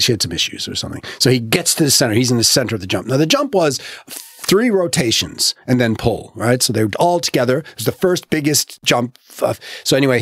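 A man's voice: lowish voice, fairly bright tone, husky, no echo, clean studio sound. A man talking as a filmmaker guest in a casual interview, telling a story with many fillers and restarts, his voice lifting when he gets moved.

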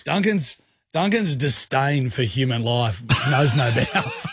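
A man's voice: medium pitch, animated, normal speed, slightly rough. A man with an Australian accent co-hosting a radio show, bantering casually, laughing and teasing. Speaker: radio co-host. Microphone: studio microphone.

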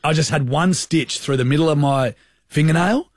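A man's voice: on the high side, normal speed, no echo. An Australian man in his thirties co-hosting a radio show, joking around in casual, blokey banter from a studio mic. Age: 30s. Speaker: radio co-host.

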